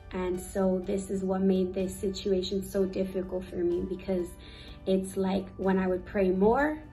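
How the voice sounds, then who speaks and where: A young woman sharing a personal faith testimony, earnest and emotional, pausing with fillers and sometimes teary. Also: medium pitch, warm tone, low-quality recording. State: teary at times. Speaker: youth ministry speaker.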